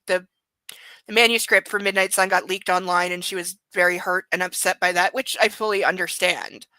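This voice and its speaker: A woman's voice: mid-range voice, pushed and bright, no room sound, poor audio. A woman hosting a book club podcast, reading aloud and giving sarcastic, rambling commentary. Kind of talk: casual chat and reading aloud.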